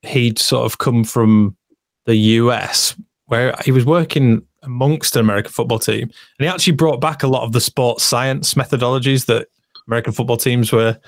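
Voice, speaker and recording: A man's voice: medium pitch, steady tone, normal speed, no echo, clean studio sound. A man co-hosting a casual football podcast, chatting and reading out listener messages. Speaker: podcast co-host.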